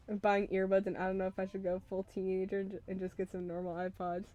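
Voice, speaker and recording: A woman's voice: mid-range voice, little pitch movement, brisk, muffled recording. A woman streamer reading a game aloud with giggly, chatty asides. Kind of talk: live game playthrough with commentary. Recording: game music underneath.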